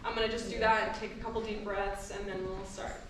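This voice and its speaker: A woman's voice: mid-range voice, fast. Chatty woman poet on an echoey stage. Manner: relaxed and chatty, many ums and little laughs. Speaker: poet, former president of the collective. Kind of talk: casual stage intro before a poem. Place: live poetry event venue. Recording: very echoey hall, mic far off, background noise.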